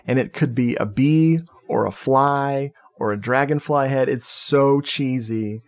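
A man's voice: medium pitch, a little slow. A man co-hosting a podcast, recapping a horror film in casual, jokey chat and laughing often. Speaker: podcast co-host.

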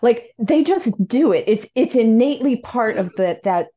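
A woman's voice: on the high side, lively intonation, moderate pace, warm tone, dull audio. A woman guest in an interview, explaining language learning in a thoughtful way, often correcting herself and acting out learner questions. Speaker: language education expert guest.

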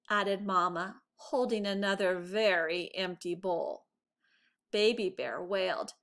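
A woman teacher reading a children's picture book aloud in an expressive storytelling voice. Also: mid-range voice, takes it slowly.

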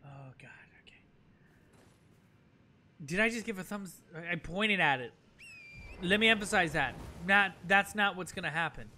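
Young guy streaming a game, high sharp voice, hypes himself up and talks to chat, a little background hiss. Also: lively intonation, moderate pace, long pauses. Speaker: gaming livestreamer. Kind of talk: live gameplay commentary.

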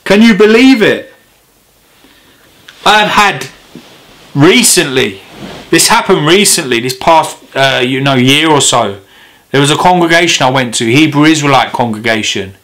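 A man's voice: on the high side, expressive, unhurried, long pauses, fairly bright tone. A man preaching an informal sermon, reading scripture and speaking earnestly and with growing passion. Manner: earnest, grows impassioned and emphatic.

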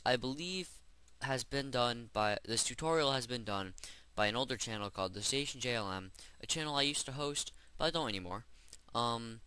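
In a clean, mid-range voice that sounds pushed and bright, a man hosts a Minecraft building tutorial as a gameplay voice-over, casually rambling his way through every step.

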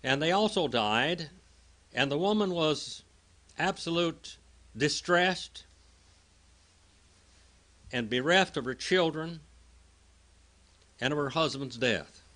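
Bright-voiced preacher teaching scripture. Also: male voice, fairly high pitch, animated, slow pace, pauses often. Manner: conversational Bible teaching, reads scripture then explains it. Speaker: pastor. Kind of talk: sermon.

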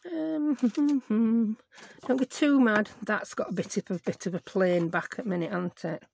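A woman's voice: mid-range voice, unhurried, vocal fry, darkish tone, slight background noise. A middle-aged woman, hosting a chatty crafting tutorial and rambling to herself as she works. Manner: rambling, self-mocking, talks to herself while working. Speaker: craft channel host.

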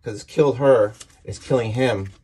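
Husky man eagerly walking through a comic. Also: mid-range voice, moderate pace, a little mellow. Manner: enthusiastic, rambling with restarts. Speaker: comic book reviewer. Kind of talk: casual comic book walkthrough.

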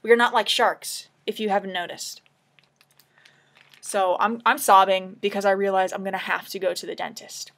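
A woman's voice: medium pitch, steady tone, moderate pace, fairly bright tone. A tearful woman talking anxiously in a casual confessional vlog, rambling and emotional, at times dropping to a whisper. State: tearful, crying. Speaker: vlogger.

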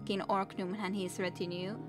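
A woman's voice: mid-range voice, little pitch movement, normal speed, over loud music, lightly acted. A woman voicing a cold, ambitious queen mother in a fantasy storybook reading, speaking in a haughty, cutting way. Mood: scheming.

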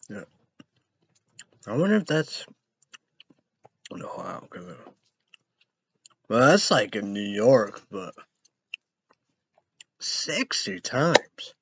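A young man hosting a casual show reads the news headlines aloud, rambles about them and spells names out letter by letter. He speaks very slowly with long pauses, in a low-ish, creaky, sing-song voice that's a bit bright and has a breathy edge. The recording is dull and lo-fi.

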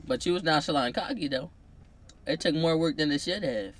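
A man's voice: fairly high pitch, a little fast. A young man, teasing his girlfriend in a casual vlog chat. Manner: playful teasing, loud bursts. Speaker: vlogger.

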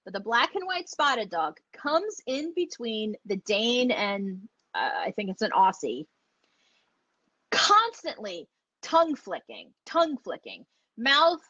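A woman's voice: a little high, huge pitch swings, slow pace, long pauses, bright, forceful tone, dry recording. A woman dog trainer teaching online, chatty and enthusiastic, acting out the dogs as she explains. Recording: dull lo-fi audio.

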